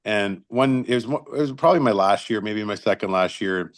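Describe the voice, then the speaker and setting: A middle-aged man, a retired hockey linesman, telling lively, salty anecdotes in a casual chat. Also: fairly low pitch, fairly quick, dry recording. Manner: lively storyteller, salty language, chuckles through stories.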